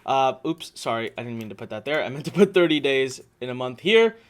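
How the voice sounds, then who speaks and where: A man's voice: medium pitch, expressive, brisk. A man in his thirties, an online marketing instructor, telling a story and teaching in a chatty live workshop, often checking in with "okay?" and "you know".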